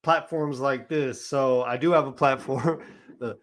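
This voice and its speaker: Man, podcast guest, casual storytelling, mid pitch. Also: unhurried. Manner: relaxed, conversational, acts out quoted dialogue.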